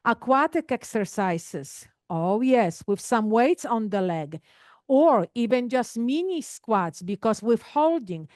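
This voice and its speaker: Casting note: high, clear-voiced woman therapist, speaks slowly to a class. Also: animated, darkish tone, no echo, clean studio sound. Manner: slow, demonstrative, addresses class directly with questions. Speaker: physical therapist leading an exercise class. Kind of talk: live group health talk with demonstrations.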